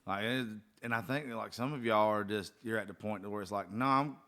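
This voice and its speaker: A man's voice: lowish voice, steady tone, fairly quick, fairly bright tone. A man hosting a podcast, talking in a loose, rambling way with casual swearing. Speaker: podcast host.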